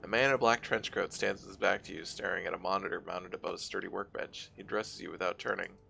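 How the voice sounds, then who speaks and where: Deep, brisk and a bit creaky, this man's slightly rough voice reads a game's text aloud as he streams it. Steady narration alternates with offhand casual remarks.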